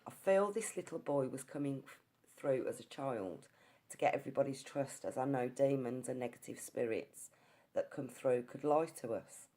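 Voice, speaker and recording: A woman from England, her voice a mellow, rumbling low at a moderate pace, relates a ghost-hunting outing. The telling is earnest and narrative, and she occasionally restarts what she's saying.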